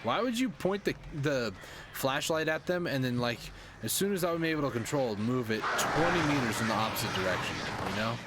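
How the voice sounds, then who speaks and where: A man's voice: medium pitch, lively intonation, a little fast, noisy background. A young man chatting casually to viewers as he streams a horror game, joking asides. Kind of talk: casual gameplay commentary.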